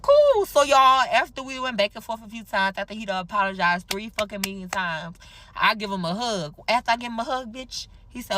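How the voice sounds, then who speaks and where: A woman telling a storytime vlog, talking straight to her viewers, swearing freely and animated. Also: mid-range voice, fairly quick, heavy background noise. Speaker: storytime vlogger. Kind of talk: casual storytime.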